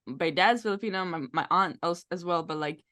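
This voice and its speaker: A woman's voice: fairly low pitch, fairly quick, a crowd in the background. A woman from Macau in a casual podcast chat, easygoing and giggly.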